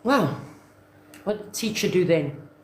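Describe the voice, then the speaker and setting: Animated woman coach. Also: on the low side, measured pace, roomy sound, a little hiss or hum. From South Africa. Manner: animated, acts out little scenes. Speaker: online business coach. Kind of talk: motivational talk to camera.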